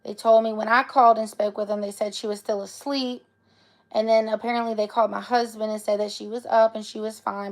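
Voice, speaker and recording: A young woman earnestly telling viewers a personal story on a livestream. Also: medium pitch. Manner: earnest, emotional retelling, talks straight to viewers. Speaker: live streamer.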